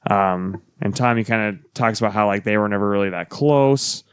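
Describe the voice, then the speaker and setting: A man co-hosting a casual podcast, recapping a story in a relaxed way with many fillers. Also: lowish voice, normal speed, smooth, dry recording, clean studio sound. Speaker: podcast co-host. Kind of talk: casual comic book chat.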